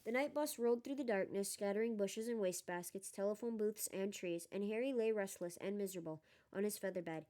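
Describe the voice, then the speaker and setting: A woman narrating a storybook in a plain, steady reading voice. She keeps the telling even between the characters' lines. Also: medium pitch, a little fast. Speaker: audiobook reader.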